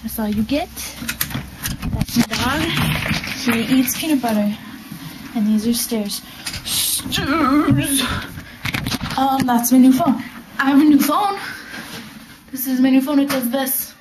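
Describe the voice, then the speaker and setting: Lying on the floor at home, a teenage girl talks casually to her camera, bubbly and joking as she rambles along. Her high voice moves a little slowly with long pauses, and the built-in camera mic gives a roomy sound with background noise.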